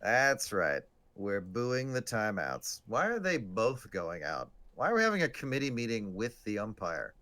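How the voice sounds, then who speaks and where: A man's voice: on the low side, wildly swooping pitch, a little slow, few pauses, pushed and bright. A man co-hosting a casual live stream, joking and sarcastic as he talks through a game. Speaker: podcast co-host. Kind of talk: casual live-stream chat about baseball.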